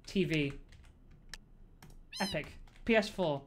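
Young woman streamer, lowish voice, giggly rambling live gameplay chatter at a desk mic. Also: normal speed, long pauses, slight background noise. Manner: rambling, giggly, self-mocking, many fillers. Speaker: Twitch streamer.

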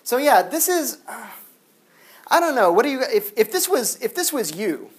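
A man's voice: very high-pitched, moderate pace, slightly rough. A man lecturing a classroom in a casual, chatty way, full of "like" fillers. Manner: chatty, animated, lots of "like" fillers. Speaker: university philosophy lecturer.

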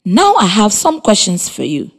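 A woman with a Liberian English accent, teaching a scripted radio lesson for children and spelling words out slowly letter by letter. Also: mid-range voice, huge pitch swings, husky.

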